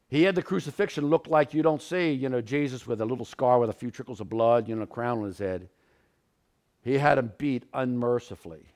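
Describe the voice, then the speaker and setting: A middle-aged man preaching a sermon, telling stories and swinging from quiet asides to loud outbursts. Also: medium pitch.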